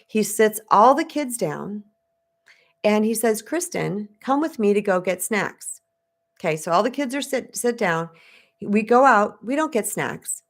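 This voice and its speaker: A woman's voice: medium pitch, expressive, a little slow. A woman in her fifties from the United States, a spiritual coach telling a personal story to live viewers in a candid, chatty way and acting out the voices she quotes.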